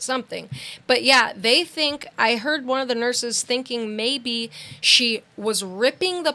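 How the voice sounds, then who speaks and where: Young woman podcast cohost, bright higher voice, chatty, keeps saying like. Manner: animated storytelling, many "like"s and quoted voices. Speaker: podcast co-host. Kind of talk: casual true-crime chat.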